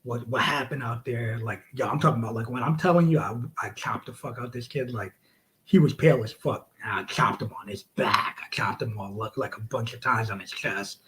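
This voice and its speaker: Profane, animated male wrestler telling stories. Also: mid-range voice, fairly quick, slight background noise. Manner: animated, acts out quotes, drops to whispers. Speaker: podcast guest, wrestler. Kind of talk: casual storytelling, profane.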